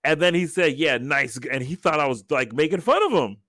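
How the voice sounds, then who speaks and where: A man's voice: fairly high pitch, brisk, no room sound, studio quality. A man co-hosting a casual podcast chat, telling stories animatedly and acting out the lines of the people in them. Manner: animated storyteller who acts out quoted lines. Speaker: podcast co-host.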